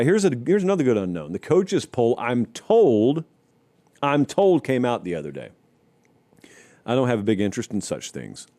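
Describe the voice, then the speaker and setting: A man in mid-range pitch delivers solo college football commentary. His voice sits on the warm, dark side, and he talks emphatically, turning wry and mocking now and then. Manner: emphatic, rising to animated stretches when running through schedules. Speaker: host of a college football show. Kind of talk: solo sports talk commentary.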